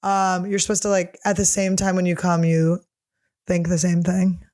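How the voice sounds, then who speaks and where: A woman's voice: on the low side, completely flat delivery, normal speed, a little mellow. A woman comedian hosting her show in a casual solo chat, reading fan questions aloud and answering them in a blunt, profane, jokey way, often laughing.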